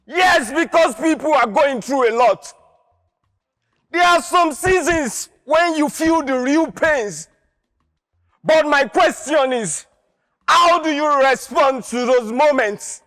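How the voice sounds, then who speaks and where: A man's voice: very high-pitched, animated, slow, fairly bright tone, big-room sound, full character voice. A male acting contestant performing a stage monologue as an impassioned man urging people never to give up, delivered in a preachy, rousing way.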